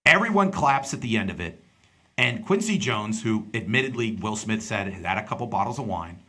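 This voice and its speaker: This podcast host, also a stand-up comic, has a fairly low voice and speaks a little fast. Casually recounting a story, he animates it by acting out the people involved.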